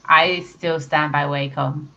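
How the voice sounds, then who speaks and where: A woman chatting casually while she draws, self-deprecating and quick to laugh. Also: fairly low pitch, a bit bright. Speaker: co-host of an art stream. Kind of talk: casual chat while drawing. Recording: dull lo-fi call audio, faint noise.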